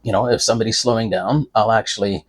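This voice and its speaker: A man's voice: lowish voice, steady tone, fast, slightly rough. An older man talking in a folksy, rambling way, giving preachy advice from inside a car. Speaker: vlogger. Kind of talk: casual rambling talk to camera.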